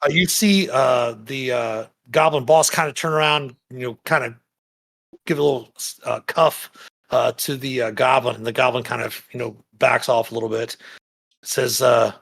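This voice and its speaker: A man narrating as game master in a tabletop game, describing scenes in a halting way with frequent pauses to search for words. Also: mid-range voice, fairly even intonation, creaky, fairly bright tone. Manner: halting, many fillers and restarts while describing the scene.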